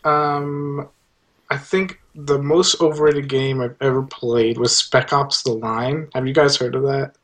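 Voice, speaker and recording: A young man co-hosting a casual podcast, rambling and halting as he talks. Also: medium pitch, fairly even intonation, a bit bright. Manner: rambling, halting, laughs while talking. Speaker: podcast co-host. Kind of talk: casual chat.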